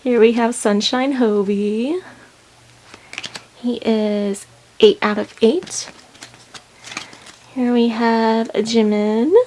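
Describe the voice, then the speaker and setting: A woman in a casual unboxing vlog, excited and out of breath, gushing with many ums as she goes. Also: a little high, drawn-out words, long pauses, a little hiss or hum. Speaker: unboxing vlogger.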